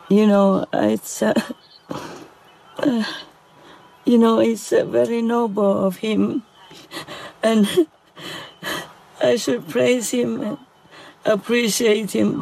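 Woman teacher, slow and halting delivery, gravelly fry in the voice, emotional spiritual address. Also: fairly high pitch, darkish tone, rough recording. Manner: halting, with many pauses and fillers.

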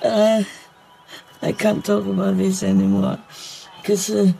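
A woman giving an emotional spiritual talk, halting, with many fillers and repeated words. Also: medium pitch, sing-song, vocal fry, dark tone, slight background noise, rough recording.

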